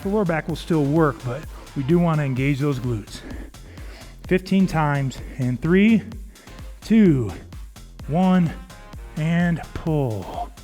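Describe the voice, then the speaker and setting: A man with a slightly higher voice coaches a home workout, steady and encouraging as he calls out form cues and counts reps. Soft music plays faintly underneath. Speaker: fitness coach.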